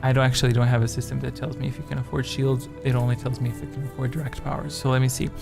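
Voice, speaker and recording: A man's voice: mid-range voice, flat delivery, racing, gravelly, over music. A man hosting a live-stream quiz game, rambling chattily between questions with jokey asides. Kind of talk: casual live-stream chat.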